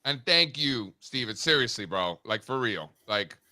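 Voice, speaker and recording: A man trades animated stories on a studio talk show, full of casual slang and quick asides. His voice is bright and forceful and swings up and down a lot. The sound is dry and close. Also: mid-range voice, no echo. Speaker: show regular. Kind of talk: casual chat.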